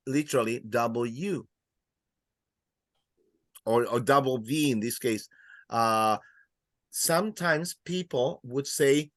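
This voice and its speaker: Slow-talking guy teaching a class, says words over and over, dry sound. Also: mid-range voice, dry recording. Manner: patient, repeats words slowly for students. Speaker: Spanish teacher.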